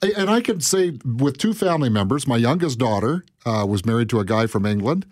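A man's voice: medium pitch, animated, brisk, darkish tone, dry recording, clean studio sound. A man in his fifties, a sportscaster, chatting casually on radio and rambling through anecdotes with chuckles. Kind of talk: casual studio chat.

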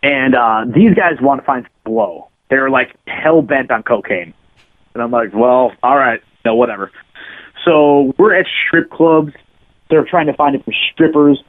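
A man's voice: medium pitch, measured pace, no room sound. A man telling a long, profane story as a podcast guest, rambling and full of "like" fillers. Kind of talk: casual anecdote storytelling. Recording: narrow phone-line sound, dry.

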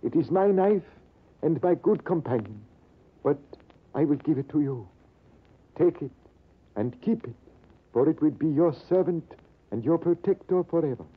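A man's voice: a little high, expressive, moderate pace, long pauses, slightly rough, pitched above the performer's own voice. A radio actor voicing a dying old Persian man with a foreign accent, in a narrow old broadcast recording. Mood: solemn. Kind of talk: 1940s radio acting.

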